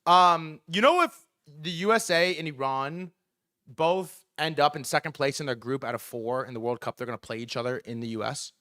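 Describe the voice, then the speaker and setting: A young man hosting a livestream, telling a story in an excited, rambling way, his voice a bit sore from screaming. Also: a little high, moderate pace. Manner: breathless, rambling, lots of "bro" and restarts. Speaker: livestream host.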